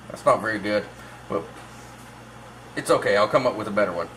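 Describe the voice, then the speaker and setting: A man hosting a cooking channel, talking viewers through a recipe step by step in a relaxed, folksy way. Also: on the low side, fairly quick, a little hiss or hum. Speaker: host of a barbecue cooking channel. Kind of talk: casual cooking demonstration.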